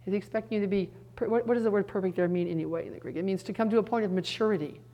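Animated middle-aged woman teaching the Bible. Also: mid-range voice, lo-fi sound. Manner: animated, swings from soft to emphatic, quick asides.

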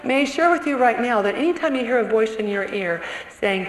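A woman preaching a sermon to other women, animated and storytelling, sometimes acting out an accusing inner voice. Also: fairly high pitch, fairly quick, hardly any pauses. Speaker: women's conference speaker. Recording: echoey hall with faint room noise.

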